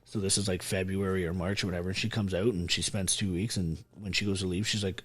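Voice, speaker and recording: A man in his thirties, a former soldier from Canada, telling his life story in a casual interview with lots of swearing and animated retelling. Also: low-pitched, fast, hardly any pauses, husky. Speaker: podcast guest, former soldier.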